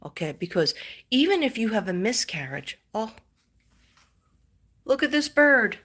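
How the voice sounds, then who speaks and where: A woman's voice: on the high side, very animated, a little slow, a bit bright, slightly rough. A middle-aged woman chatting casually on a live stream as a psychic host, rambling as she retells a story.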